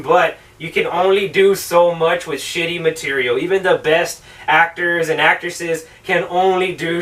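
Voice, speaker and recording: Male vlog host, sharp bright tone, profane and exasperated film critic, slightly distant mic. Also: sits high. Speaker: film reviewer, show host. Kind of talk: ranting film review.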